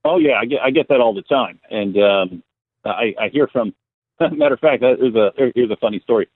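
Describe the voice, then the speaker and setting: Husky man on a tinny phone line. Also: mid-range voice, fairly quick. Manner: blunt, storytelling with frequent restarts. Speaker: guest apologist. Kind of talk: conversational interview answers.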